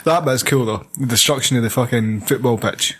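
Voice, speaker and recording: A man's voice: medium pitch, a little fast, a bit bright, slightly rough. A Scottish man joking and swearing through a casual film chat.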